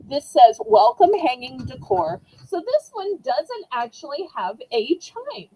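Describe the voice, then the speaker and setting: Southern-accented woman, live-stream auction host, high and very animated, bubbly and chatty with viewers. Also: unhurried, rough recording. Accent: Southern American. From Southern United States. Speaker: online auction seller.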